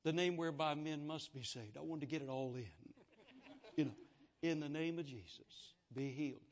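Preacher, male, high voice, folksy storyteller, muffled lo-fi recording. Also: moderate pace. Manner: folksy, animated testimony with acted-out dialogue. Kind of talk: sermon storytelling. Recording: dull lo-fi sound.

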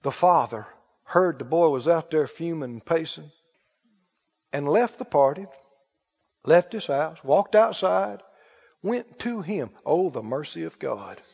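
A preacher giving a sermon, telling a story in a folksy way with lots of repetition. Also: male voice, a little high, slow, creaky, pauses often, a little mellow, breathy edge. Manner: folksy storytelling, acts out dialogue, repeats phrases. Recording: echoey hall, dull lo-fi sound.

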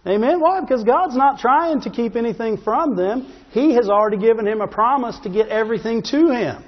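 High-voiced preacher in a reverberant church. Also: male voice, lively intonation, brisk. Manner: constantly asking the congregation "Amen?"; humorous, storytelling delivery. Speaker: pastor. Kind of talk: sermon. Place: church sanctuary. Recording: long hall reverb, dull sound.

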